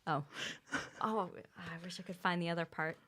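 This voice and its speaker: A woman's voice: fairly low pitch, steady tone, a bit bright. Eager, chatty woman podcast co-host. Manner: eager, chatty, quick to interject. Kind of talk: casual chat.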